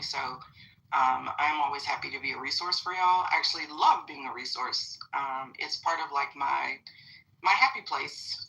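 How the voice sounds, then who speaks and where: A woman's voice: rumbling low, creaky, pushed and bright, distant mic, low-quality recording. A middle-aged woman hosting a live audio chat room, talking bluntly and casually, swearing freely and addressing the listeners directly.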